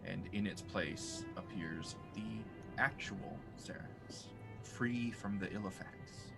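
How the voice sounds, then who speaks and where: Game master, man, low voice, unhurried halting narration, music under it. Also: vocal fry. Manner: relaxed, halting narration with fillers.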